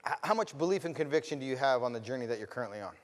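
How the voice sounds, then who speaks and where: A man telling a personal story as a motivational speaker, swinging between loud, fired-up bursts and hushed passages, and asking the audience direct questions. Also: medium pitch, expressive, rapid-fire, in a large hall, a little hiss or hum. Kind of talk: storytelling keynote speech.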